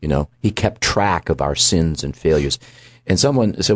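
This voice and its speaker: A very deep-voiced male host teaches from scripture with firm emphasis. He stumbles and repeats words as he builds his point. The sound is dry and close-miked. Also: animated, normal speed, a little mellow, no echo. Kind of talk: Bible teaching in talk show.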